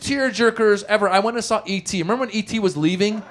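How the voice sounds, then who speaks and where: A man from the Middle East doing a stand-up comedy set on stage, animated and quick to slip into exaggerated voices. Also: high voice, crowd noise, noisy background. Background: audience laughter.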